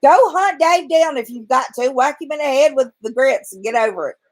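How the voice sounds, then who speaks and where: A woman's voice: high voice, brisk, rough recording. A woman ranting bluntly and profanely in a home vlog, from bed right after waking. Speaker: vlogger.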